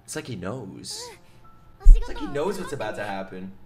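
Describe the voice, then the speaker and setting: A young man reacting to an anime episode, excitable and profane, shouting and laughing at the big moments. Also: lowish voice, normal speed, music in the background. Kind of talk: live reaction commentary.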